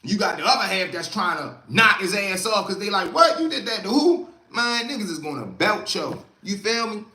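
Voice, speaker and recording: A man's voice: high-pitched, lively intonation, normal speed, sharp tone, echoey room. A man hosting a casual livestream, talking street life in a streetwise storytelling way and greeting viewers by name. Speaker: livestream host.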